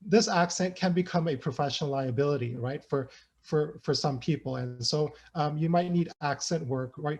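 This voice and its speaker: A man's voice: fairly high pitch, darkish tone. A man giving an academic lecture, casual and searching, with many fillers and tag questions. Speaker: guest lecturer. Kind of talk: academic talk.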